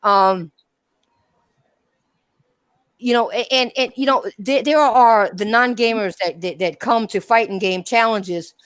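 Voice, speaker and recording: A woman's voice: fairly high pitch, measured pace, long pauses, clean tone, dry recording. Blunt, ranting woman podcast host. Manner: blunt, profane, repetitive, addresses listeners directly. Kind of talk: heated casual podcast rant.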